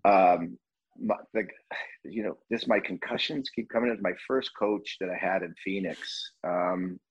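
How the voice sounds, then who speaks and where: A man guest on a podcast, a former pro hockey player, talking in an excitable way, repeating himself and cutting in. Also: deep voice, measured pace, slightly rough, no echo, lo-fi sound. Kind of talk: casual chat.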